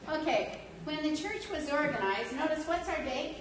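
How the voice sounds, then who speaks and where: A woman from California tells animated stories to a class, laughing freely and poking fun at herself. Her voice sits a little high. She is picked up from across a very echoey hall, with a faint hum of room noise behind her. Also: normal speed. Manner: animated, laughs often, self-mocking humor. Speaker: religion instructor. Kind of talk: storytelling lecture. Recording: echoey hall taped from far off.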